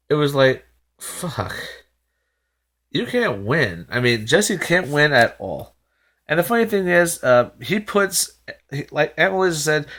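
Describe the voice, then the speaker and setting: A man's voice: on the high side, animated, slow, long pauses, bright, forceful tone. A man hosting a reaction video, recapping and commenting in a rambling, exasperated way with frequent restarts and sighs.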